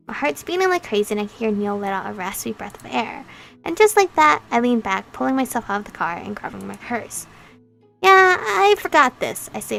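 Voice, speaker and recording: A woman's voice: a little high, creaky. A woman reading a visual novel aloud as its heroine, breaking off for playful, chatty asides. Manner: playful, chatty asides between read lines. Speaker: game channel host.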